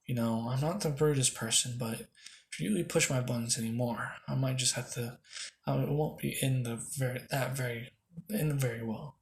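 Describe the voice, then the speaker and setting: A man's voice: medium pitch, moderate pace, vocal fry, slight background noise, natural voice. Guy doing a cocky young commoner hero, earnest, lecturing, keeps restarting, mid voice. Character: brash young male commoner swordsman, confident and lecturing.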